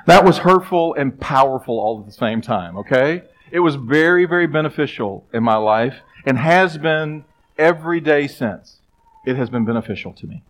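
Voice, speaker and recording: A middle-aged man preaching a sermon as pastor, conversational and emphatic, with pauses and stressed phrases. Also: mid-range voice, animated, rough recording.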